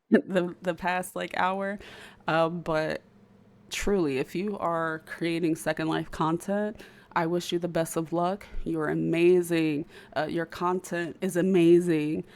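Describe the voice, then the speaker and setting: A woman's voice: lowish voice, darkish tone. A young woman with a speech impediment, chatting casually to her viewers as a YouTuber. She rambles and stutters with frequent restarts.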